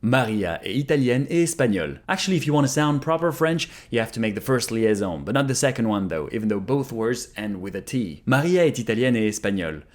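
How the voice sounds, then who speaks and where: Lively man repeating foreign phrases. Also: medium pitch. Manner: repeats phrases slowly after the app. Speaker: language learner vlogger. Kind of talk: casual language lesson narration. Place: Canada.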